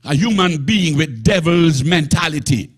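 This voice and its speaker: A man preaching a sermon emphatically, often rising to shouts. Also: on the high side, measured pace, breathy edge.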